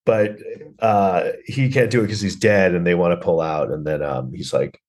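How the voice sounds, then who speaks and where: A man's voice: deep voice, moderate pace, a little mellow. A man hosting a podcast, recapping a film in a rambling, sarcastic way, full of fillers and swearing. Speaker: podcast host reviewing a film.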